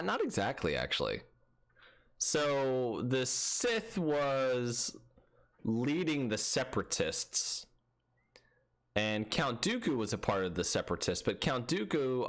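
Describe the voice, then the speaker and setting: A man's voice: mid-range voice, very animated, slow, fairly bright tone. A man co-hosting a podcast in casual chat, playful and riffing on silly jokes. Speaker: podcast co-host.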